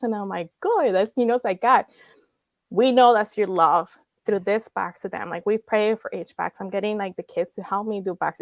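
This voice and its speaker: A woman in her thirties with a medium-pitched voice, recorded dry, is a guest who founded a nonprofit. She tells her story conversationally, acting out dialogue and laughing often.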